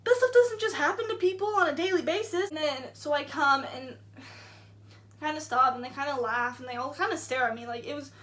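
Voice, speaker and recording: A young woman vlogger does a casual storytime to camera in a high, brisk, slightly bright voice. She retells events indignantly and chattily, packed with "like" fillers.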